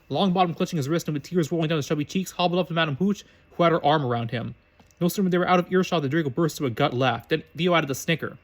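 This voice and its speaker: Man reading story aloud, fast pace, slightly higher pitch, stumbles and restarts. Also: lively intonation. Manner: stumbling, self-correcting reading. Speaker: reader. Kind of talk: reading fan fiction aloud.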